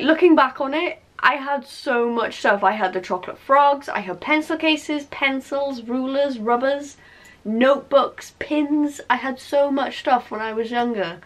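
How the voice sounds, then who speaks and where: A young woman vlogging, chatty and animated, with lots of fillers and repeated emphasis. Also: a little high. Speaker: YouTuber. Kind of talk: casual vlog chat.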